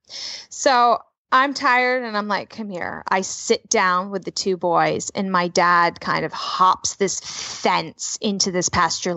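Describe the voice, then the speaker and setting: A woman's voice: mid-range voice, no echo. Woman telling a vivid story with swearing. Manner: vivid, swearing, animated retelling. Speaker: podcast co-host telling a story. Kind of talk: casual storytelling.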